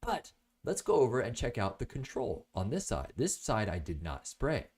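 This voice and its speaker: A man's voice: medium pitch, sing-song, normal speed, a little mellow, breathy edge. A man casually reviewing products in a chatty, joking way.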